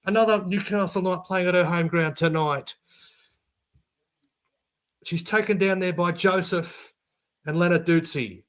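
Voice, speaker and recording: High-voiced sports caller. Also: male voice, slight background noise. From Australia. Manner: rapid play-by-play, jumps to shouting on big runs. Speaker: play-by-play commentator. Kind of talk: live sports commentary.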